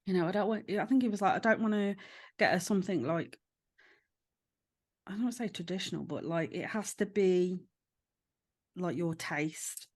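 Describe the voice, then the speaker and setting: Animated woman hosting a chat. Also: on the low side, moderate pace, pauses often. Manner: animated storytelling, acting out quoted voices. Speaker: podcast host. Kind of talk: casual chat.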